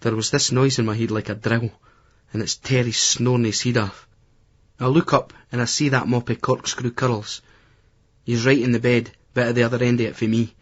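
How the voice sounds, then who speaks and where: A Scottish man tells the story in a blunt, crude, chatty first-person voice at a middle pitch. The audiobook recording sounds dull and lo-fi. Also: little pitch movement, normal speed. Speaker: audiobook narrator. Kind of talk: first-person novel narration.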